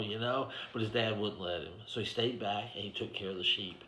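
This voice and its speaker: A man's voice: on the low side, fairly even intonation, brisk, few pauses, pushed and bright, a little hiss or hum. Man, folksy devotional storytelling, conversational, echoey room. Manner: folksy, conversational, lots of "you know". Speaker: ministry director giving a devotional.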